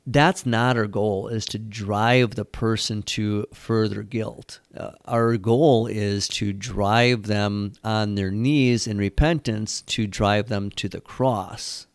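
A man's voice: fairly low pitch, fairly even intonation, takes it slowly, hardly any pauses, dry recording. A man who is a pastor and catechism teacher, talking in a rambling, storytelling way with frequent fillers in a casual church discussion. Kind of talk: conversational church podcast discussion.

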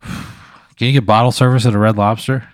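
Male co-host, mid-range voice, profane, excitable, argumentative. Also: mid-range voice, dry recording, studio quality. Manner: profane, excitable, quick to protest. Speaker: co-host answering a hypothetical. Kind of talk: improvised comedy banter.

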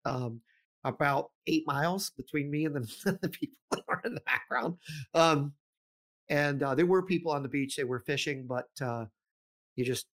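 A man's voice: fairly high pitch, moderate pace, fairly bright tone. A middle-aged man co-hosting a podcast in casual chat, rambling with many fillers and restarts. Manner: rambling, many ums and restarts, laughs often. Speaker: podcast co-host.

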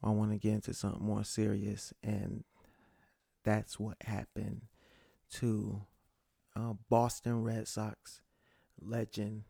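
A man's voice: on the low side, completely flat delivery, slow pace, gravelly, pauses often, mellow, slightly rough, no echo, clean studio sound. A man from Connecticut hosting a casual solo sports talk show, rambling and stammering as he goes, gloating between laughs. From Connecticut, USA. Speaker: podcast host.

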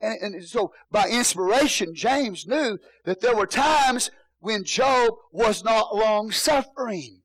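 A man's voice: sits high, animated, takes it slowly, a bit bright, dry recording, poor audio. A male pastor preaching a sermon in a church, repeating phrases and calling out hallelujah.

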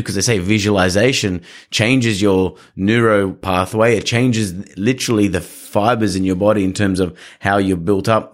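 A man with a somewhat low voice talks about training dogs in an easygoing conversation. He coaches earnestly, and he acts out little scenes along the way. His delivery stays practical and encouraging. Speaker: dog trainer. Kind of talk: casual podcast conversation.

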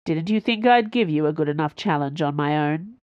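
A woman's voice: deep voice, lively intonation, brisk, darkish tone, dry recording, highs cut off. A woman voicing a cocky wounded young male duelist who talks in a languid, teasing, theatrical way.

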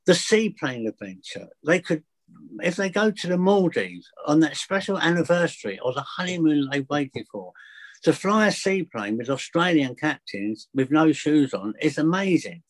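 A man's voice: fairly high pitch, sing-song, moderate pace. A man, a fear of flying coach, telling chatty anecdotes in an interview and acting out both sides of the dialogue. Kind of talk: casual storytelling interview.

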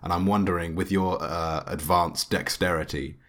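A male player in a tabletop game with a very low voice and a bright, forceful tone. He jokes around and swears casually. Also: fairly even intonation, moderate pace.

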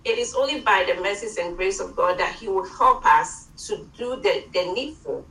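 A woman with an African accent giving an informal online sermon from home, halting, with many fillers and restarts. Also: medium pitch, animated, fairly bright tone, echoey room, recorded from a distance, rough recording. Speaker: church teacher.

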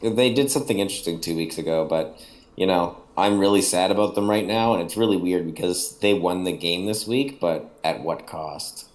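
A man chats casually as a podcast co-host in a very low voice. His delivery comes out flat and gloomy, even when he is joking. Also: moderate pace. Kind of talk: casual chat.

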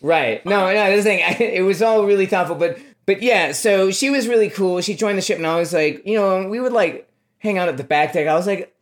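A man's voice: high voice, a little fast. Rambling young man telling stories. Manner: rambling storytelling, heavy "like" fillers. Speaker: podcast guest. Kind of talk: casual chat.

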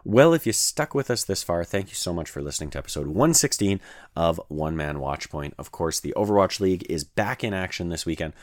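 A man with an extremely deep, low voice hosts his own podcast alone. He talks casually and rambles, restarting sentences often, and the recording is close and dry with no room sound. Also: animated, brisk, no room sound. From Canada. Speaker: podcast host. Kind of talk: solo gaming podcast monologue.

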